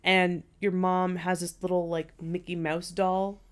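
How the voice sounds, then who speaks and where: A woman's voice: on the low side, a little slow, clean tone. A young woman co-hosting a podcast, telling stories in casual, profane chat into a podcast microphone. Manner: profane, animated storyteller. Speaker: podcast co-host.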